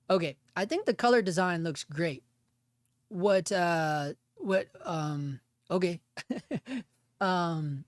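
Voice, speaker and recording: A man's voice: sits high, no room sound, studio quality. A man hosting a livestream, chatting casually and rambling as he teaches camera exposure, with lots of slang fillers. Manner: loose, rambling, heavy on filler slang like bro and dude. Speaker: livestream host, cinematographer.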